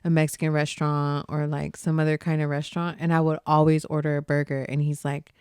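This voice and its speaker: A woman's voice: deep voice, level tone, brisk, darkish tone, clean tone, no room sound, clean studio sound. A young woman chatting casually as a podcast co-host, laughing often and acting out what her family says. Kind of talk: casual chat.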